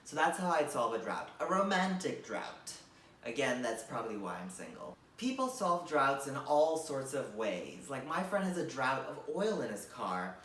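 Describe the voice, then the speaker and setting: A man's voice: medium pitch, a bit bright, slight background noise. A young man performing a stand-up comedy set, with a rambling delivery full of fillers like "like" and "you know.". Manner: rambling, filler-heavy delivery with many likes and you knows. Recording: echoey room from far off.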